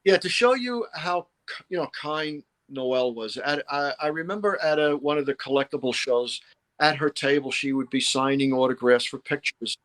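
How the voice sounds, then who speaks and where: A man's voice: a little high, moderate pace, fairly bright tone. A middle-aged man, a guest historian, telling stories in a rambling way with constant "you know" fillers. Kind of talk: casual podcast storytelling.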